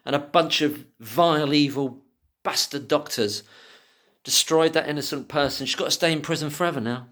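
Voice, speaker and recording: A man giving impassioned solo commentary who swears freely and swings from angry ranting to quiet muttering. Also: fairly high pitch, moderate pace.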